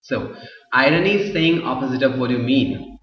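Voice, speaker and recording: A man teaching an English literature class, explaining slowly and often repeating himself. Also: mid-range voice, lively intonation, faint music behind. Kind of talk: classroom lecture. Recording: roomy echo, far from the mic, dull lo-fi sound.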